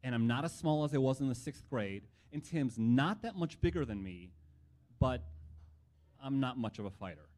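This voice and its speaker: A man's voice: medium pitch, animated, moderate pace, darkish tone. A man telling a first-person story from his own life in a wry, reflective way.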